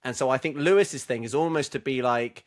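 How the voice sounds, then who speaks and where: A man co-hosting a casual racing podcast, calmly laying out his theories at length. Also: mid-range voice, fairly quick. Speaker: podcast co-host.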